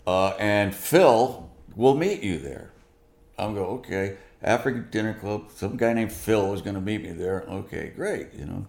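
A man with a gravelly, creaky voice, telling a story in an animated way and acting out what people said. He sounds like he is in a roomy space with some echo. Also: fairly low pitch, measured pace. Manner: animated, acts out quoted dialogue. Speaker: guest musician. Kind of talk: storytelling interview.

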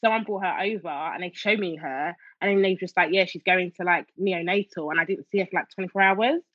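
A woman's voice: medium pitch, quick pace, no echo. A woman telling a personal story as an interview guest, emotional, with many fillers and restarts. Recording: dull dry lo-fi sound.

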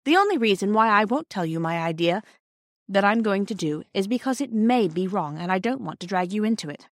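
A woman's voice: mid-range voice, lively intonation, brisk, dry recording, studio quality, natural voice. A woman voicing a proud, secretive boy. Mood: lofty. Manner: lofty and indignant. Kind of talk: storybook read aloud.

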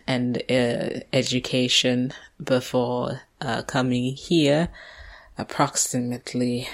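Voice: mid-range voice, little pitch movement, slow. Chatty guest from the British Virgin Islands. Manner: chatty, laughs often. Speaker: podcast guest. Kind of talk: casual interview chat.

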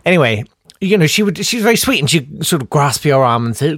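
A man's voice: a little high, sing-song, quick pace, fairly bright tone, husky, dry recording. A young man rambling through comic anecdotes, often interrupting himself and laughing at his own stories. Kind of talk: anecdotal storytelling.

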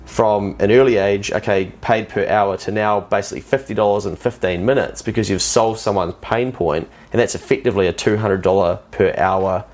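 Young New man, podcast guest, casual and blunt with freely dropped swears, slightly low voice. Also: fairly even intonation, a little fast, hardly any pauses, a little mellow. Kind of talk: casual chat.

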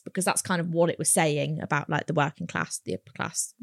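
A woman's voice: deep voice, very animated, fairly quick, gravelly, no echo, clean studio sound. A woman co-hosting a podcast, explaining her opinions thoughtfully in casual chat. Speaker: podcast co-host.

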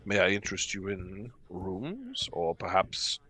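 A man's voice: low voice, wildly swooping pitch, measured pace, bright, forceful tone, slightly rough, exaggerated voice. A man voicing a friendly bearded innkeeper who speaks in a formal, courteous way. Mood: welcoming. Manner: formal, courteous, slightly old-fashioned phrasing. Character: friendly bearded male innkeeper, proud of his family wine.

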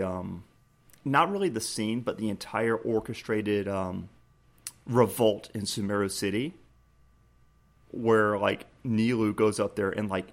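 Low-voiced man telling a game story. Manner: animated storytelling, many restarts, acts out game prompts. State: choked up, laughing. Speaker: podcast co-host. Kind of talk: casual podcast chat.

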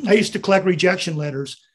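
High-voiced, husky, and a fast talker, the speaker is an American veteran in his seventies. In an interview he tells rambling anecdotes full of chuckles and quoted exchanges.

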